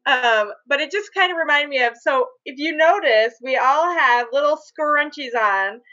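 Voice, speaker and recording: A woman's voice: high voice, animated, moderate pace, pushed and bright. A woman hosting a casual chat among mothers, upbeat and giggly. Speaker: podcast host. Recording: dull lo-fi sound.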